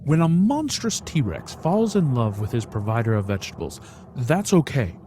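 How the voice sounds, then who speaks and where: A man's voice: medium pitch, very animated, moderate pace, mellow, a little hiss or hum. A man reading a story aloud in the first person, theatrically, with sudden whispered asides. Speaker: storybook reader.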